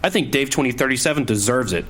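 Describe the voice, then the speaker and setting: A man's voice: medium pitch, expressive, fast, fairly bright tone, breathy edge. A man acting in a scripted comic radio ad, upbeat and pleased with himself. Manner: upbeat, self-satisfied, chatty. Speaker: actor in a radio ad.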